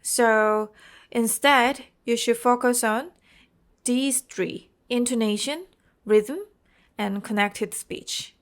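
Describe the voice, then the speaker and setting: A woman's voice: a little high, takes it slowly. A woman with a Korean accent teaching an IELTS exam-prep lesson, explaining carefully and often checking in with "okay?" and "you know".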